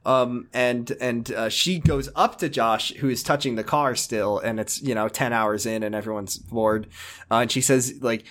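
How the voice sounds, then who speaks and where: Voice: mid-range voice, steady tone, normal speed, a bit bright. A podcast co-host recapping a TV episode in casual chat, full of sarcastic, jokey asides.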